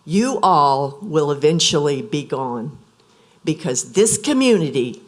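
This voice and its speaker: A speaker making an accusatory, stern public comment at a board meeting. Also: mid-range voice.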